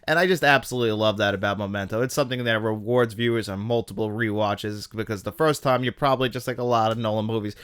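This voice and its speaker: A man's voice: on the low side, quick pace, few pauses, a bit bright, clear, resonant tone, no echo, studio quality. A man hosting a film podcast, giving casual, opinionated commentary in an enthusiastic, chatty way. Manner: enthusiastic, chatty, laughs at his own jabs. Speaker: podcast host ranking films.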